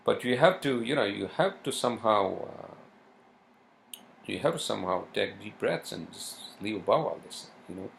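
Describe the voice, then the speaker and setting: A man's voice: fairly low pitch, lively intonation, normal speed, creaky, slight background noise. A man hosting a solo podcast, talking in a meandering, profane way with many fillers. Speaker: podcast host. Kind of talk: rambling solo podcast monologue.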